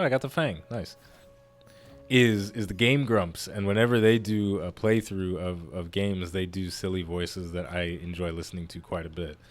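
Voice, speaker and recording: Low-voiced man rambling over gameplay. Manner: rambling, self-deprecating, laughs often. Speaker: gaming YouTuber. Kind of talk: casual let's-play commentary.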